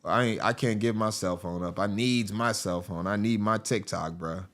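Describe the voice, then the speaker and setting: A man hosting a show, giving casual, joking commentary over video clips in an animated way and often laughing. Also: fairly low pitch, normal speed. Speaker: host.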